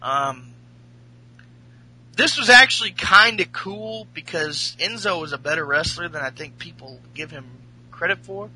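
A man's voice: on the high side, animated, a little slow, sharp tone, slightly rough, rough recording. A man hosting a podcast, recapping a show in a rambling, profane, casual way. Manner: rambling, profane, laughing storyteller. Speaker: podcast host.

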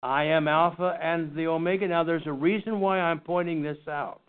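A man teaching a Bible study class in an earnest, halting way, often restarting his sentences. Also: a little high, fairly even intonation, smooth. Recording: tinny phone-like recording.

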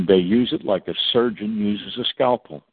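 A man's voice: lowish voice, moderate pace, a little hiss or hum. A man speaking as a guest on a talk radio show, in a long emphatic monologue, spelling out acronyms letter by letter. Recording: tinny phone line.

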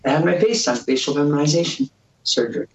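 A woman's voice: low voice, sing-song, fast talker, darkish tone. A woman from Boston with a Boston accent, a guest talking brashly and bawdily over a video call. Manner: brash, bawdy, chatty. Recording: roomy distant video call audio.

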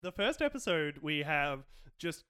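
A man's voice: on the high side, sing-song, measured pace, pushed and bright, clean tone. A man, co-hosting a casual podcast chat, rambling and laughing as he corrects himself. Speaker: podcast co-host. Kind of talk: casual chat reviewing a show.

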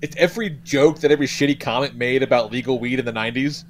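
A man co-hosting a podcast in casual chat, tossing in quick reactions, swearing and laughing. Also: mid-range voice, a little hiss or hum. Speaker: podcast co-host.

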